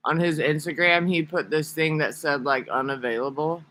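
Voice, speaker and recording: A man with a slightly high, bright, forceful voice rambles through a casual vlog monologue. He talks to his viewers in a loose, profane, sarcastic way. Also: steady tone, normal speed, no room sound. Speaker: vlogger.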